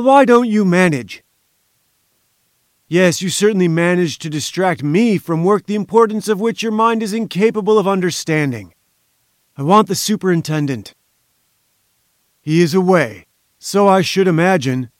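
A man's voice: high voice, no echo, clean studio sound, voice pushed up. A man voicing an irascible, pompous bearded professor who blusters with haughty indignation in an audiobook. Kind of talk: audiobook character voice.

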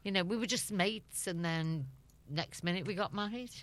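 A middle-aged Scouse woman from Liverpool, England, chats as an interview guest in a lowish voice at normal speed. She laughs often and acts out the dialogue in her anecdotes.

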